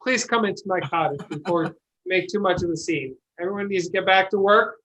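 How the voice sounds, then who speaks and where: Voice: medium pitch, a little fast, fairly bright tone, a little hiss or hum, natural voice. A game master voicing a humble, earnest middle-aged village mayor who speaks hesitantly and politely. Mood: urging. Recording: dull lo-fi audio.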